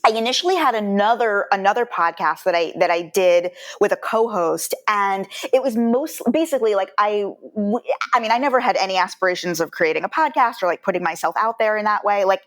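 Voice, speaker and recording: A woman's voice: mid-range voice, a little fast. A woman talking casually as a guest on a podcast, full of "like" and restarts. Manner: chatty, lots of "like" and restarts.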